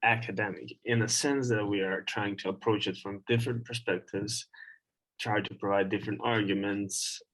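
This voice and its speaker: Low-voiced, thoughtful man. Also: fairly even intonation, fairly bright tone, rough recording. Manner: thoughtful, pausing, searching for words. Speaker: co-host. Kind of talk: reflective casual conversation.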